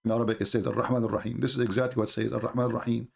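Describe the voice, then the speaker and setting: This is a man with a voice of ordinary middle pitch, giving a live-streamed commentary. He talks in an emphatic, mocking and scornful way. His delivery halts often, with fillers and false starts. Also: little pitch movement, gravelly, husky. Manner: halting, with frequent fillers and restarts.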